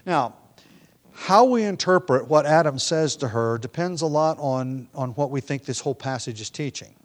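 A man's voice: on the high side, expressive, normal speed. A man preaching a sermon in a conversational way, thinking aloud and acting out quoted lines.

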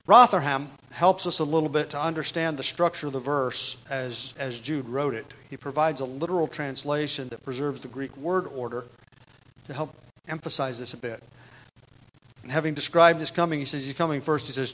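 A man preaching an expository sermon, stressing key words loudly and then dropping to quiet asides. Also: fairly high pitch, normal speed, poor audio. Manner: emphatic, swings between loud stresses and quiet asides; repeats key words for emphasis.

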